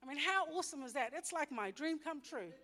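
Chatty high-voiced woman retelling scripture. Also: expressive, fairly quick, pushed and bright. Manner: chatty, many fillers and restarts, retells scripture in everyday slang. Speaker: Bible teacher. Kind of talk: informal sermon storytelling. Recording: long hall reverb.

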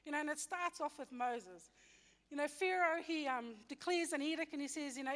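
Brisk and expressive, a woman with a high-pitched, slightly bright voice retells a Bible story in plain slang, the way an informal sermon might go. She's talkative and keeps stopping to restart or fix what she said. Long hall reverb surrounds the recording.

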